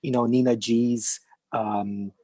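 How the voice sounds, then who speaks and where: A man's voice: medium pitch, little pitch movement, takes it slowly, mellow. A man from Canada, a podcast guest and illustrator, talking casually with a stutter, many fillers and restarts, and easy laughter. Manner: laughs easily. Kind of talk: casual conversation.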